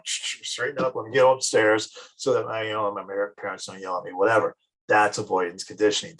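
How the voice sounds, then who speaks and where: A man's voice: lowish voice, creaky, fairly bright tone, breathy edge, poor audio. A male psychology teacher giving a casual classroom lecture, often acting out everyday examples. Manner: casual, anecdotal, acts out examples.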